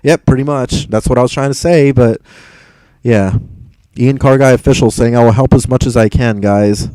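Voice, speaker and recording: A young man hosting a livestream reads chat and rambles casually, exasperated, with plenty of swearing and laughter between thoughts. His mid-range, smooth, mellow voice keeps a steady tone at normal speed; the close, dry recording has no room sound but is low in quality.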